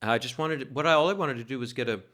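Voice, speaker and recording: Animated self-mocking male storyteller. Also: medium pitch, very fast. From New York City. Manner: animated, self-mocking, laughs while telling. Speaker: guest. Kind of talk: casual interview storytelling.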